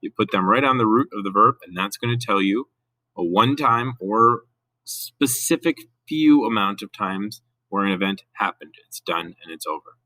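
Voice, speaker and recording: A man's voice: lowish voice, animated, normal speed, pushed and bright, no room sound. A man teaching a recorded Spanish grammar lesson, who explains patiently and switches between English and Spanish.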